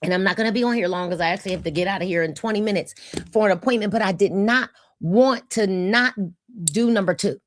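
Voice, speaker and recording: A woman's voice: medium pitch, quick pace, a little hiss or hum. A woman, hosting a casual livestream and greeting viewers by name in an upbeat way. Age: 50s. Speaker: host of a livestream.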